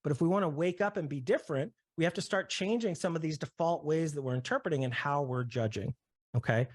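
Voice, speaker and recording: Brief: male presenter, explanatory, higher-pitched, dry close mic, frequent check-in questions. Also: fast, no room sound. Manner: checks in often with "right?" and "okay?", builds everyday examples. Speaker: session presenter. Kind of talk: explanatory talk to a discussion group.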